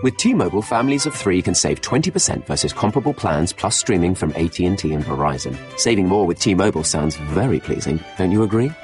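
Deep man, dry ad voice. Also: expressive, fast, hardly any pauses, faint music behind. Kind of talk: comic radio ad.

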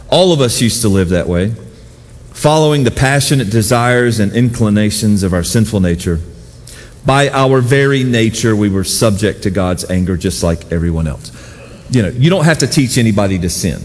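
A middle-aged man preaching a sermon as pastor, telling personal stories with self-deprecating humor and animated voices for the people he quotes. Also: on the low side, moderate pace, big-room sound.

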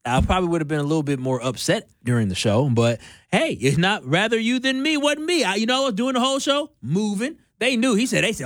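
Animated man with a high, lively voice. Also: quick pace, no room sound. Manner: animated, mocking, acts out others' lines. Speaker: radio sports talk host. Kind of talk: casual radio banter.

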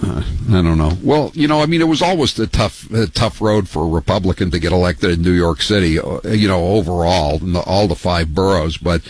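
A man hosting call-in talk radio, opinionated and rambling, his voice jumping high when he gets riled. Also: brisk, hardly any pauses, a little mellow. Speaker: radio talk show host.

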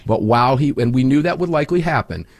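In a dry recording, a man who runs his own radio program guests on a political talk interview. His mid-range voice moves fast and animated as he tells stories with strong emphasis.

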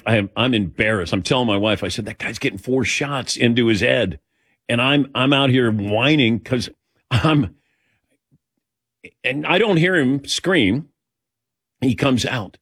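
A man's voice: mid-range voice, no room sound. Male sports radio host, mid-range voice, casual storyteller who acts out his quotes, dry studio sound. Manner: animated anecdotes, acting out quoted dialogue. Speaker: sports talk show host. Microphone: studio microphone.

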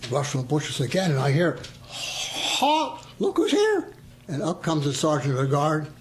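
Older man reminiscing, somewhat high voice. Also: fast. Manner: storyteller who acts out quoted voices and chuckles. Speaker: veteran interviewee. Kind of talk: casual reminiscing.

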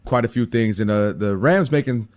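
A man hosting a sports radio show, talking in an animated, sing-song way and laughing often. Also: fairly low pitch, normal speed. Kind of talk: casual sports talk. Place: radio studio.

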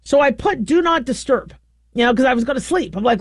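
A middle-aged woman host telling a long, rambling story in a casual, animated way, often stopping to correct herself. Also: on the high side, a little fast, husky, no room sound. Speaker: show host.

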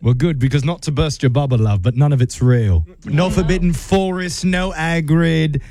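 A man voicing a cheeky, condescending airline customer care agent in a deliberately bad British accent. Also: on the high side, mellow, close to an everyday voice. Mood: smug teasing. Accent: bad put-on British. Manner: teasing, smug, condescending.

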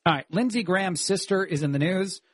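A man filling in as a talk radio host, giving animated, opinionated commentary with frequent "uh" fillers. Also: high-pitched, fairly quick, no room sound.

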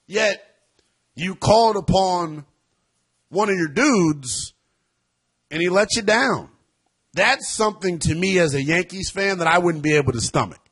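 A man hosting a sports talk radio show, talking in an animated, emphatic way that gets loud at times. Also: sits high, unhurried, pauses often, breathy edge.

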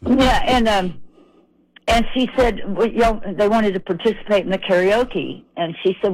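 A middle-aged woman from Tennessee, a country singer telling rambling, animated anecdotes as a guest. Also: mid-range voice, normal speed, low-quality recording. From Nashville, Tennessee. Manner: chatty, rambling, animated retelling.

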